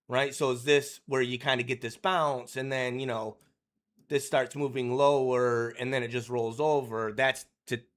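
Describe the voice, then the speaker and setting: Over a set of charts, a man offers casual, meandering day-trading remarks full of "you know" and "right?", pausing often to clear his throat. His voice is medium in pitch and fairly bright.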